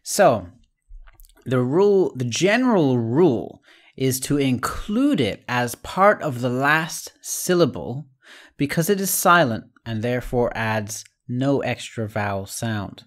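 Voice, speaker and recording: A man's voice: medium pitch, expressive, slow. A man teaching an English lesson who explains patiently, spells out letters, repeats example words and keeps checking in with "right?". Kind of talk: recorded online lesson.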